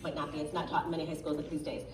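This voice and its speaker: A woman coaching a choir as a guest clinician, upbeat and encouraging, giving quick directions. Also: deep voice, flat delivery, slight background noise. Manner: upbeat, encouraging, sometimes sings lines to demonstrate. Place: choir rehearsal room. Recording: echoey room from far off, faint ambience.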